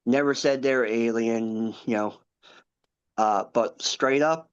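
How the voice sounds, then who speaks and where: A man in his thirties, a guest on a podcast, tells a personal story in an earnest, halting way and keeps adding asides. His voice sits at an ordinary pitch for a man. The recording sounds a little dull and lo-fi. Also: fairly even intonation, clean tone. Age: 30s.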